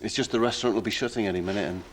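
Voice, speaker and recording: A man's voice: fairly low pitch, very fast, slight background noise, lightly acted. An actor playing an easygoing young man, plain and puzzled in his talk. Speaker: private detective. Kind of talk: TV drama acting.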